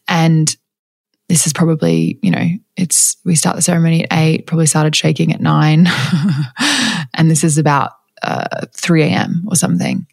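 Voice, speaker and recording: A woman's voice: low-pitched, normal speed, creaky, no room sound, studio quality. A woman casually telling a personal story, reflective and candid, with many fillers and restarts and light laughs. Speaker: storyteller sharing a personal spiritual experience.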